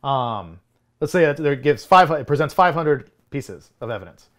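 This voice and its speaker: A man's voice: mid-range voice, big pitch swings, moderate pace. A man in his thirties co-hosting a film podcast in casual chat, rambling with frequent restarts and chuckles. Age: 30s. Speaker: podcast co-host.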